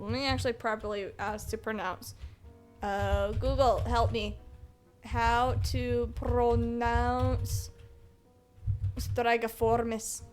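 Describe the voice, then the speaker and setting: A woman streaming a video game, chatting casually in a playful, rambling way. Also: on the high side. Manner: playful, rambling, chuckling to herself. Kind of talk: casual chat while gaming. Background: faint game music.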